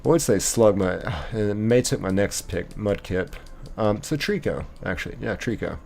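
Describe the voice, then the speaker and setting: Gravelly low-voiced man streaming. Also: animated, normal speed, darkish tone, a little hiss or hum. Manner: loose and rambling, many fillers. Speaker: livestream host. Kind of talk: casual chat reading out viewer messages.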